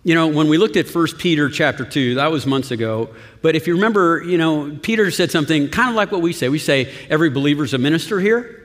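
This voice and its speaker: A man's voice: on the high side, animated, fast talker, few pauses. A man preaching a sermon as pastor, talking in a conversational way with chuckles and restarts. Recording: long reverb of a church hall.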